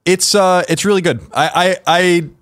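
A man's voice: sits high, fairly even intonation, normal speed, a bit bright, no room sound. A man co-hosting a podcast in casual chat, with dry, teasing banter. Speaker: podcast co-host.

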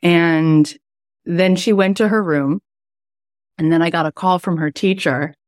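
A woman's voice: on the low side, measured pace, a little mellow, no room sound, studio quality. A middle-aged woman, a life coach and podcast host, telling a personal story in a chatty, heartfelt way, with many "like" fillers.

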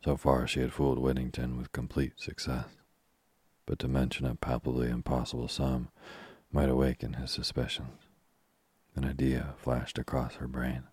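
A man narrating a novel in a measured, even storytelling manner. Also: very deep voice, husky, no room sound. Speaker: audiobook narrator. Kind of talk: scripted narration.

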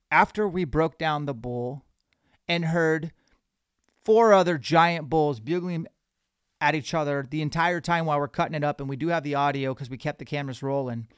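A man hosting a podcast, telling a hunting story in an animated, casual way. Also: on the high side, normal speed, smooth, no room sound, clean studio sound. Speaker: podcast host.

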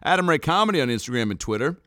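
A man's voice: on the high side, very animated, racing, sharp tone, dry recording, studio quality. A male comedian hosting his podcast in a loose, joking way, swearing freely. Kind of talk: casual chat. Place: in Australia.

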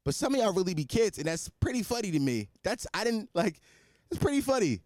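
A high-pitched, very animated man in his twenties talks a little fast with a slightly mellow tone, hosting a casual solo podcast in clean studio sound without room noise. His rambling is packed with restarts and repetition, crude jokes, and free, slangy, blunt swearing.

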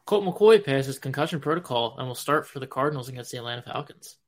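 Fast-reading young Philly co-host. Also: male voice, mid-range voice, animated, slight background noise. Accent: Philadelphia. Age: 20s. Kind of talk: reading news items.

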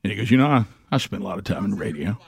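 A man, hosting a radio talk show, telling a story loudly and doing the voices of the people in it. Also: fairly low pitch, racing, creaky, husky. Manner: loud and animated, acts out voices of people in his story.

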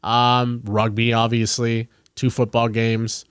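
A man's voice: medium pitch, monotone, slow pace, clear, resonant tone, no echo, clean studio sound. A man chatting casually on a podcast about a sports weekend, telling stories and acting out his own quotes. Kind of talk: casual chat.

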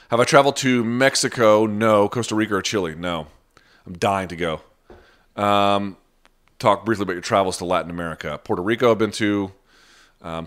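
Deep-voiced blunt man hosting a chat. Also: fairly bright tone. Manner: blunt, profane, talks off the cuff. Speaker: live chat host answering viewer questions. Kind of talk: casual live-stream chat.

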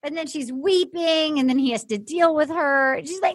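A young woman co-hosting a podcast, recapping a dating show in animated casual chat and acting out what people said. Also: sits high, normal speed, no room sound. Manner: animated storyteller, acts out quotes. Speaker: podcast co-host.

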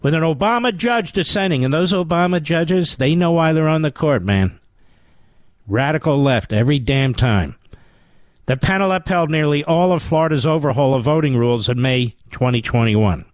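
A man's voice: a little high, lively intonation, normal speed, no room sound. A man with a Philadelphia accent hosting a talk radio show, delivering a sarcastic, combative monologue.

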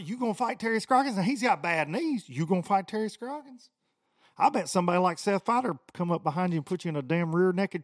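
A middle-aged man, running his mouth on his own podcast. He rambles and jokes, and his slightly high voice leaps up and down all over the place. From Southern United States. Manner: animated, rambling, joking, laughs often. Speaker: podcast host. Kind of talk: casual podcast rant.

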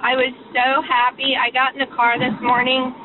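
A woman's voice: high voice, completely flat delivery, normal speed. Woman calling from a noisy car. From Atlanta. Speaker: voicemail caller. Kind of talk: voicemail message. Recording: noisy phone line from a car.

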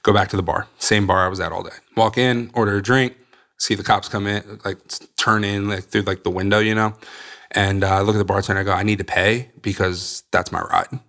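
A young man with a fairly low voice tells his own story as a podcast guest. He talks bluntly and swears casually, and he acts out the voices of the people he quotes. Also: little pitch movement, fairly quick, fairly bright tone. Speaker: guest sharing recovery story. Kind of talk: candid storytelling.

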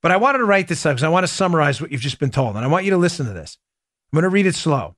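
Male podcast host, emphatic, combative, slightly high voice, dry close mic. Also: big pitch swings, very fast, a bit bright, dry recording. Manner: emphatic, combative, addresses listeners as folks. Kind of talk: political commentary.

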